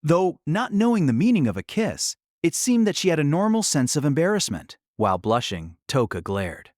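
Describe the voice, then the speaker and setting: A man narrating a light novel audiobook in an expressive storytelling manner. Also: fairly high pitch, moderate pace, no room sound, clean studio sound.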